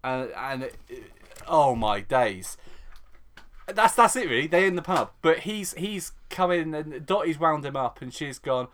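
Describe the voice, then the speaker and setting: Woman podcaster, low, expressive, lots of mock voices and laughs. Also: unhurried. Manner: animated, acts out characters in mock voices, laughs often. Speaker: podcast co-host. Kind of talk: casual chat recapping a soap.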